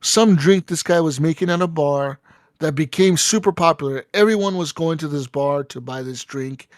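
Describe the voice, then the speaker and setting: Animated, profane man with a higher voice. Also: moderate pace, dry recording. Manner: animated, profane storyteller who acts out dialogue. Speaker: podcast host. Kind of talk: casual chat, retelling a video game story.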